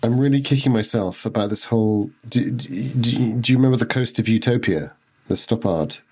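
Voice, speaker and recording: A man, a player at a tabletop game, chatting quickly and casually between scenes. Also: mid-range voice, darkish tone, breathy edge.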